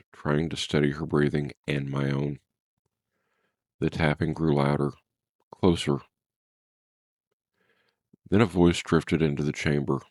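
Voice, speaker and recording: A man's voice: very deep voice, no echo, clean studio sound. A man reading a first-person horror story in a grave, tense, dramatic way.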